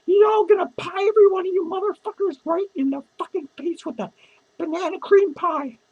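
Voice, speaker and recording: A drunk, lonely clown lady, played by a woman, rambling and cursing through a character vlog. Her voice sits very high and squeaky. The recording sounds dull and lo-fi. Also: fairly even intonation, brisk. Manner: rambling, profane, giggly. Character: drunk, lonely, foul-mouthed female clown.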